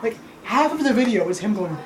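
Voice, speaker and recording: A man telling a funny story in animated comic style, often laughing as he goes. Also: high voice, a little fast, very noisy. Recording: family laughing in the room.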